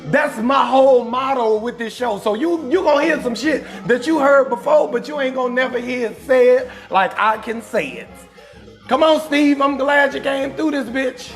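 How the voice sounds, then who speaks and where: Southern male comedian, very high voice with a raspy edge, loud and profane, riffing to the chat. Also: moderate pace, soft background music. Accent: Southern American. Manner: loud, profane, animated, reads chat names. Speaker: comedian hosting a live stream. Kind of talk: casual live-stream comedy rant.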